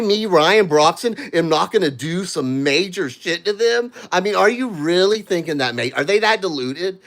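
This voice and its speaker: Vlogger, male, high-pitched voice, agitated and profane, talking straight at his critics. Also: fairly bright tone. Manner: agitated, swearing, addressing a critic directly. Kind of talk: angry livestream rant.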